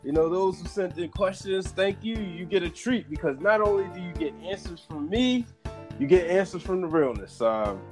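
A man hosting a casual podcast chat, relaxed and quick to laugh. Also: high voice, music in the background. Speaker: podcast host.

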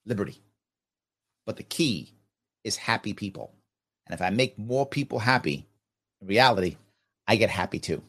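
A man hosting a podcast, answering viewer comments in casual talk, animated and emphatic, asking himself rhetorical questions. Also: on the low side, normal speed, pauses often.

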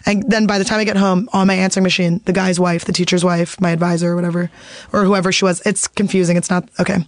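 A woman guest on a podcast, telling a story in a blunt, profane, animated way. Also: fairly low pitch, fast talker, no echo. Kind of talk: casual chat.

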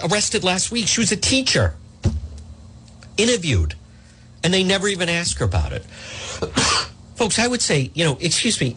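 A man's voice: high-pitched, fairly bright tone, a little hiss or hum. A man hosting a talk radio show, ranting indignantly at his listeners. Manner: indignant, ranting, reads live ads.

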